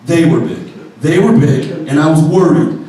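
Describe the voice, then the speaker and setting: A man doing stand-up, telling a long story in an animated way and swearing freely. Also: fairly high pitch, moderate pace. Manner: animated, profane. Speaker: stand-up comedian. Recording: echoey room, distant mic.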